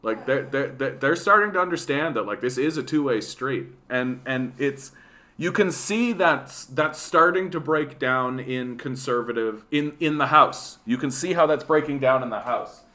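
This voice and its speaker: A man's voice: medium pitch, normal speed. Canadian man in his late 30s hosting a profane political rant, casual and heated, mid-range voice. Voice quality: profane, animated, lots of fillers. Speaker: political livestream host.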